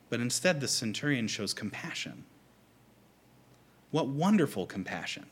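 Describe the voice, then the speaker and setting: A man's voice: mid-range voice, normal speed, pauses often, slightly rough. Guy giving a sermon, medium voice, talks casual, acts out the quotes. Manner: conversational, animated, acts out quotes. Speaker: pastor.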